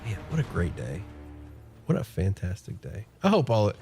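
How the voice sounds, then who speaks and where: A male streamer with a fairly low voice chats casually while playing, giddy and emotional, often breaking into laughter. Faint game music runs under his voice. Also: huge pitch swings, normal speed, darkish tone. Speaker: live streamer. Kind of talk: casual chat while gaming. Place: home.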